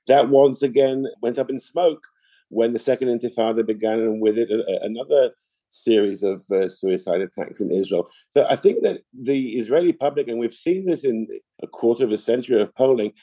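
A middle-aged man answering interview questions in a measured, explanatory way, often restarting his sentences. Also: medium pitch, warm tone, dry recording. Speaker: interview guest, political analyst.

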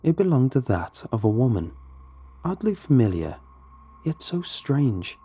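A man narrating a first-person horror story in a hushed, dramatic way. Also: medium pitch, very animated, unhurried, slightly rough.

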